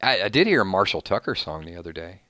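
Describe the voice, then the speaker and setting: A man's voice: sits low, sing-song, quick pace, a bit bright, dry recording, clean studio sound. A man from Georgia with a Southern accent, hosting a casual live stream and reading out viewer names in a rambling, friendly way. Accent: Southern American. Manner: chatty, reads viewer names, rambling restarts. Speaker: streamer host.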